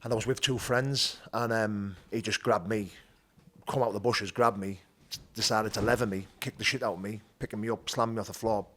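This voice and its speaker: A man with a Teesside accent telling his rough childhood story as an interview guest, blunt and animated, swearing freely. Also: on the low side, a little fast. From North East England. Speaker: guest, bare knuckle fighter. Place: gym.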